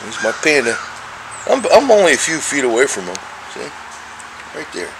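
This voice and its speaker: A man filming cats on a handheld camera outdoors, rambling casually and chuckling, talking to the cats in a high coaxing voice. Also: wildly swooping pitch, normal speed. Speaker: vlogger. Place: outdoors near steps. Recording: noisy outdoor camera audio.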